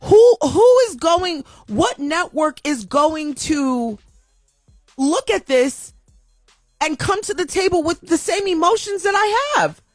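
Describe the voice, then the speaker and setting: A woman's voice: very high voice, lively intonation, slow pace, dry recording, clean studio sound, soft background music. A woman ranting in an emotional opinion vlog, upset and repeating herself with frequent restarts. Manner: impassioned, repetitive ranting with many restarts. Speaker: video commentator.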